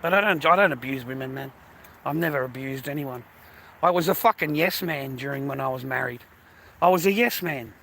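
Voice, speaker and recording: A man's voice: medium pitch, brisk, vocal fry, bright, forceful tone, slight background noise. Aggrieved Australian man ranting, swearing. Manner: aggrieved, heavy swearing, repetitive. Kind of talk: angry personal rant.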